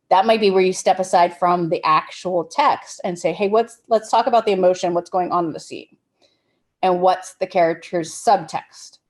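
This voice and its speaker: Chatty woman teaching film directing. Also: mid-range voice. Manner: conversational, explains with everyday examples, frequent restarts. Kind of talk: casual workshop talk.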